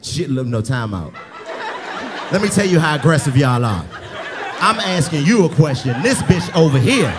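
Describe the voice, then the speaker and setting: Loud cussing comedian dude roasting the crowd, kinda high voice, live club crowd going off. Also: male voice, very animated, moderate pace, noisy background. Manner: brash, loud, often yelling and cursing. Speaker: stand-up comedian. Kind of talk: crowd-work stand-up roast.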